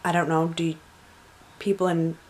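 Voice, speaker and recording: A woman's voice: lowish voice, level tone, a little slow, darkish tone. Chatty American young woman vlogging. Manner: chatty, rambling, easygoing. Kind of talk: casual chat to camera. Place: her bedroom at night.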